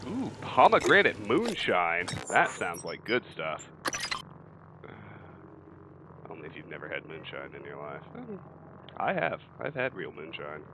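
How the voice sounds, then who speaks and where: A man in his thirties talks his way through a video game in a casual, joking commentary. His voice is very low and deep. A steady background hiss sits under the whole recording. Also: slow, long pauses. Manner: wry, joking, chatty. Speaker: let's play host.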